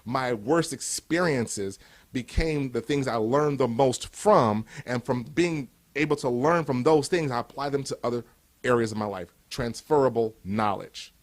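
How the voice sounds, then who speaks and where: A man's voice: medium pitch, measured pace. A man in his fifties from Cleveland, giving a motivational speech with emphatic, repeated rhetorical build-ups. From Cleveland, USA. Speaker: motivational speaker.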